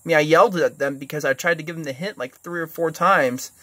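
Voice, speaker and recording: A man's voice: fairly high pitch, quick pace, few pauses, pushed and bright, no room sound. A middle-aged man vlogging at the beach, ranting in an irritated, complaining way and repeating his grievances. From USA. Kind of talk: ranting vlog.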